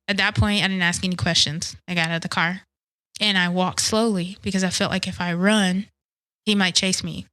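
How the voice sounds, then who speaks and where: A woman's voice: mid-range voice, fairly bright tone, no room sound, rough recording. Earnest woman recounting a story, dry sound. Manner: earnest, conversational, reenacts quoted dialogue. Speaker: podcast guest. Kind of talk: personal storytelling.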